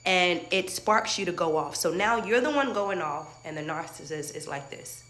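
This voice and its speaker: A woman's voice: on the low side, lively intonation, normal speed, fairly bright tone, a little hiss or hum. A woman life coach giving an earnest motivational talk, repeating her points and speaking straight to her viewers.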